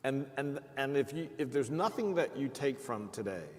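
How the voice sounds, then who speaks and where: A man's voice: medium pitch, expressive, normal speed. A man on a live panel telling his own stories earnestly, acting out the things people said to him. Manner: earnest storytelling, acting out quoted speech. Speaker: panelist, perioperative leader. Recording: reverberant hall.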